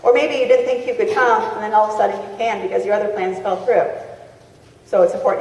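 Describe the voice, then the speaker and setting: A woman giving a lively, chatty seminar talk to a crowd, acting out sample phone calls. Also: mid-range voice, fast talker. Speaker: motivational speaker. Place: large convention hall. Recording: echoey hall recorded from far off.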